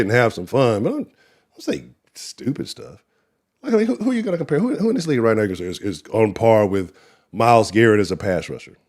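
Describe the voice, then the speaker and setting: A man with a Texan accent hosting a live sports talk stream, rambling and profane, laughing often and talking to the chat. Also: mid-range voice. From Texas. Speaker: sports show host.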